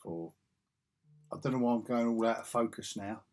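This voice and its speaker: A man speaking at normal speed, his voice on the low side with a darkish tone, chats casually while flipping through old comic magazines. The comic-collecting vlogger rambles as he muses aloud.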